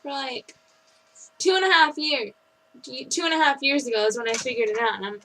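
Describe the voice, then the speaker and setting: A young woman in her twenties chats to camera in a high, bright voice. Her pitch leaps around as she tells stories with mock outrage. She talks in quick, excitable bursts. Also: poor audio. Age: 20s. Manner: animated, mock-outraged storytelling. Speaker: vlogger. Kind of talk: casual chat to camera.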